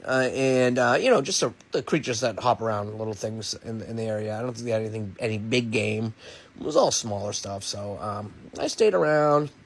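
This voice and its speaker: A man's voice: on the low side, expressive, brisk, vocal fry. A man telling a rambling, improvised comic story off the cuff. He swears freely, mocks himself and laughs between lines.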